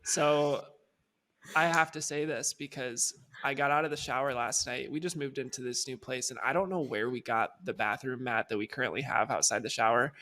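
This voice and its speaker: A man hosting a podcast in casual chat, animated and joking, trailing off into fillers. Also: medium pitch, normal speed. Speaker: podcast host.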